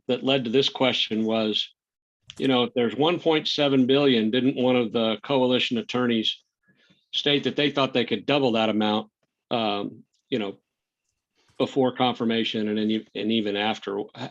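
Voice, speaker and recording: A man moderates a town hall and reads out audience questions. He stumbles and repeats words as he goes, at a mid pitch, and the recording is dull and muffled.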